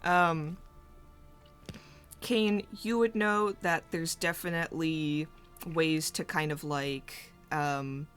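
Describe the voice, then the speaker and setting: Slow, low-voiced woman game master. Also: steady tone, fairly bright tone, clear, resonant tone, soft background music. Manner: laughs often, rambles with many fillers. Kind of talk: running a tabletop game over chat.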